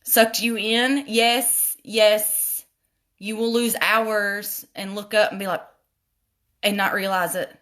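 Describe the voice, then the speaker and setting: A woman's voice: medium pitch, steady tone, slow pace, fairly bright tone. A woman chatting casually through a makeup tutorial livestream at home, talking straight to viewers as y'all and going off on laughing tangents. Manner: talks straight to viewers, addressing them as y'all. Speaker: makeup vlogger.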